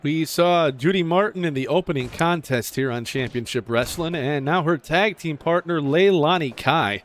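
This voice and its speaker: A man giving casual play-by-play commentary over a video game wrestling match, excitable, jumping up in pitch on the big moves. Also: normal speed.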